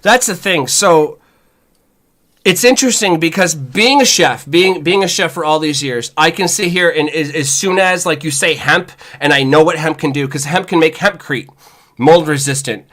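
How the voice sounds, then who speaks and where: A chef co-hosting a podcast, talking in a casual, animated, profane rant with lots of "y'all.". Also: male voice, on the high side, normal speed. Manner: animated, profane, says "y'all" and "you know what I'm saying".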